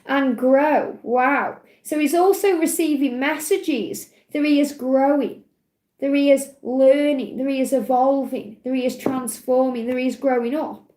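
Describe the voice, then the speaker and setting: Emotional high-voiced woman reading cards. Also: fairly even intonation, measured pace, mellow, roomy sound. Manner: earnest, emotional, repeats "you know" and "okay". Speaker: tarot reader. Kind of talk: live-streamed spiritual card reading.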